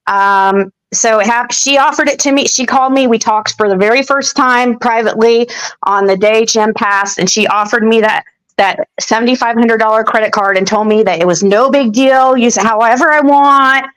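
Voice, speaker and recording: A woman's voice: fairly high pitch, normal speed, fairly bright tone, clear, resonant tone, rough recording. Upset woman defending herself. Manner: upset, defensive, repeats herself and restarts often. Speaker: guest. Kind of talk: casual livestream chat.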